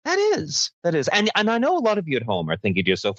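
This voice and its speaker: A man's voice: fairly high pitch, wildly swooping pitch, fast, hardly any pauses, a bit bright, no echo, lo-fi sound. Sardonic man with a swooping voice. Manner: sardonic, mock-formal asides, swooping intonation. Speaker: podcast co-host. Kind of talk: casual political chat.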